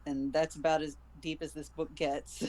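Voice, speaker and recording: Chatty man recapping a book, slightly high. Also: level tone, a little slow, darkish tone, poor audio. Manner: chatty, amused, loose retelling. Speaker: streamer. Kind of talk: casual chat recapping a book.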